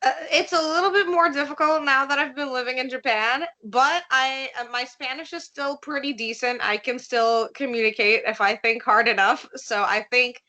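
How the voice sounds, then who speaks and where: A woman's voice: sits high, moderate pace, hardly any pauses, bright, forceful tone, poor audio. A woman in her twenties from Russia with a Russian accent, a wrestler answering interview questions in an upbeat way and laughing easily. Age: 20s. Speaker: professional wrestler, guest.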